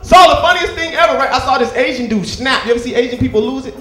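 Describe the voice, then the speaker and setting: A man performing a stand-up comedy set on a club stage, telling stories and acting out characters with loud outbursts. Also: extremely high pitch, very fast, roomy sound. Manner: animated storytelling, acts out characters with loud outbursts. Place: comedy club stage before a live audience.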